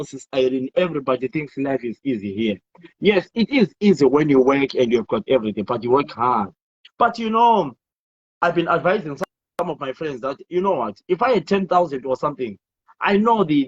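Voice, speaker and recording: A man's voice: mid-range voice, slightly rough. A man hosting a casual talk-show discussion, talking emphatically and repeating himself. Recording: muffled lo-fi audio.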